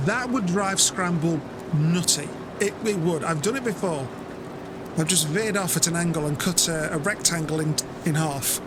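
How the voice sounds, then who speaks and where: A British man streaming a farming game, chatting casually and mocking himself, sometimes acting out his friends. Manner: chatty, self-mocking, acts out friends in high voices. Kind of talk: casual gameplay chat. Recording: game sounds and vehicle noise behind.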